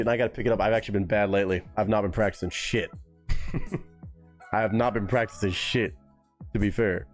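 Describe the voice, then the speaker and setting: A young man hosting a live reaction stream, chatting casually, swearing freely and reading chat messages aloud. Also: fairly low pitch. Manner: animated, profane, reads chat aloud. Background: faint music playing.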